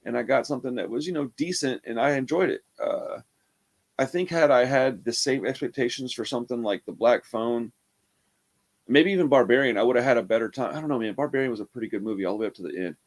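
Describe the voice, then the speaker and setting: A man's voice: medium pitch, fast. A man giving a casual, rambling horror movie review, laid-back and full of "man" and "dude".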